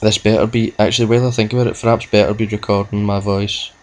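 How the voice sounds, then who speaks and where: A man's voice: on the low side, little pitch movement, fast talker, darkish tone, rough recording. A young man giving rambling, self-mocking commentary over a video game playthrough, cursing at the game now and then. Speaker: gamer. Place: at home with a laptop.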